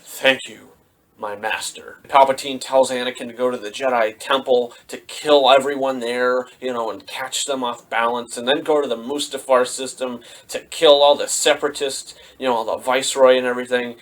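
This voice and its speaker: A man giving a casual film review vlog at middling pitch, loose and chatty. He rambles from point to point, leaning on fillers as he goes. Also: fairly even intonation, a little fast, few pauses.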